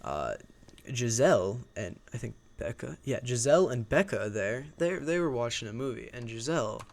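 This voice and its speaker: Young guy, casual storytime vlogger, swears a lot and rambles, ordinary mid pitch. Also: very animated, moderate pace, vocal fry. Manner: loose, profane and rambling.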